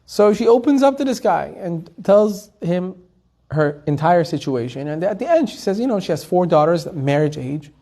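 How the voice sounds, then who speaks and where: A man's voice: high-pitched, moderate pace. A man, a rabbi, telling a story in a sermon and acting out each character's lines. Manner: animated storyteller who acts out the characters' quoted lines.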